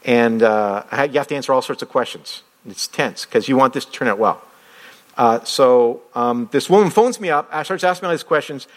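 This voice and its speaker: A man's voice: medium pitch, a bit bright. A male pastor giving a conversational sermon, telling stories and asking many rhetorical questions with frequent fillers. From outside the United States.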